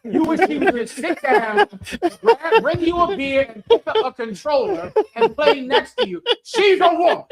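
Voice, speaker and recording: A man's voice: extremely high pitch, very animated, moderate pace, a crowd in the background, poor audio. A man preaching on a livestream in a blunt, crude, joking way. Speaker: preacher and teacher. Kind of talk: brash livestream street-preaching.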